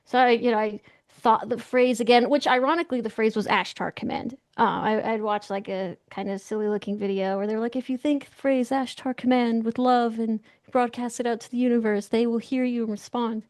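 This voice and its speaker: Young woman guest, excitable storyteller, kinda high voice, dry sound. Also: a little fast, no room sound. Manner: animated, excitable, acts out voices in quotes. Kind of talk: storytelling interview.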